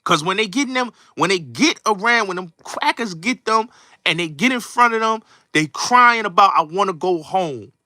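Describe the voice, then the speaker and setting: A show host goes off in a blunt, streetwise rant, hammering the same points again and again. His voice sits slightly high and cuts through with a bright, forceful edge. The recording is dry and close, with no room sound. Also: expressive, normal speed, no echo. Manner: blunt, streetwise, repetitive and emphatic. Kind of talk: casual commentary rant.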